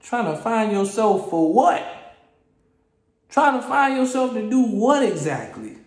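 A man hosting a solo podcast, ranting in an animated, exasperated way and often repeating and restarting his phrases. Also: high voice, measured pace, reverberant. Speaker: podcast host. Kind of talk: casual solo podcast rant.

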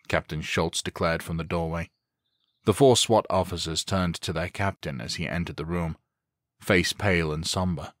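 A man narrating an action thriller audiobook in a steady, deliberate way. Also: deep voice, no echo, studio quality. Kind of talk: scripted narration.

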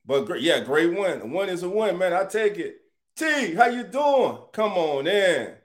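A sports talk show host runs a casual live stream, speaking at a moderate pace in a voice that's a bit high for a man. He's animated and greets viewers by name, calling them family.

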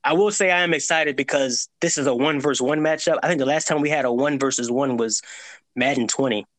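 A man's voice: medium pitch, fairly quick, fairly bright tone, no echo. A man co-hosting a casual sports debate show, laid-back, stammering a little and answering in short agreements.

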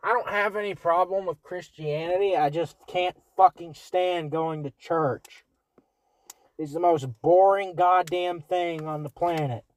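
A man's voice: fairly high pitch, fairly even intonation, measured pace, dry recording. Profane sarcastic man with a clogged nose. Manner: profane, sarcastic, mock voices. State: clogged sinus. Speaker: podcast co-host. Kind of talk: crude casual banter.

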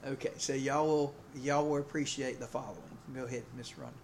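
A man's voice: mid-range voice, steady tone, a little fast, background noise. A man preaching a sermon in a conversational, rambling way, full of fillers and restarts. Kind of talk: sermon with humorous stories. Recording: echoey room, faint ambience.

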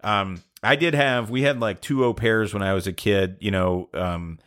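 Rambling storytelling man, low voice. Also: normal speed, a bit bright, smooth. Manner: rambling storyteller, self-deprecating. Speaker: podcast co-host. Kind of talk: casual chat.

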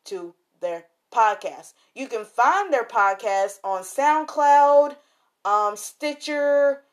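A young adult woman hosting a podcast in a casual, slangy style, talking straight to her listeners, then reading a poem slowly and softly. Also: a little high, lively intonation. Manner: chatty and slangy, addresses listeners directly. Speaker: podcast host.

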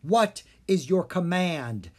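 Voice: mid-range voice, voice pushed up. A reader doing entranced chanting twins. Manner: slow, flat, monotone chanting. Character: entranced twin children, blank and chanting.

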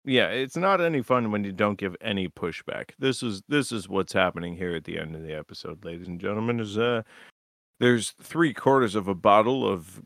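A man's voice: on the low side, normal speed, creaky, a bit bright, dry recording, studio quality. A man co-hosting a podcast in loose, joking, profane casual chat. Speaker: podcast co-host.

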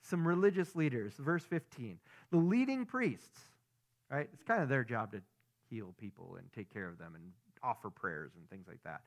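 A man's voice: mid-range voice, sing-song, moderate pace. A man preaching a sermon in a casual, conversational way, asking his listeners many rhetorical questions. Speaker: pastor.

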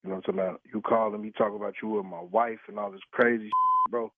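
A man's voice: fairly low pitch, fairly even intonation, very fast, dry recording. A tired truck-driving man talking on the phone in blunt street slang, swearing and demanding to know who is calling. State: tired from work. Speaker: prank call target, truck driver. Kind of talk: phone conversation. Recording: tinny phone line.

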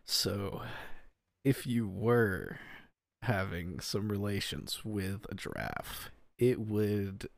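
Slow-talking young man on a podcast. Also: lowish voice, vocal fry, no room sound. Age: young adult. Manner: laid-back, plays along with jokes, laughs often. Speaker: podcast co-host. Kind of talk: casual comedic chat.

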